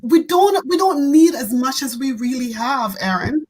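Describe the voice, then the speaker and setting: High-voiced earnest woman host. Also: lively intonation, measured pace, a little mellow, a little hiss or hum, poor audio. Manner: earnest, repeats words, laughs often. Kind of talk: heartfelt casual talk on an online show.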